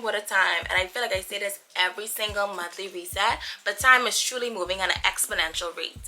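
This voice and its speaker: A woman's voice: mid-range voice, sharp tone. A young woman in a casual vlog to camera, talking in a playful, chatty way with slangy asides in her morning voice. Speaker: vlogger.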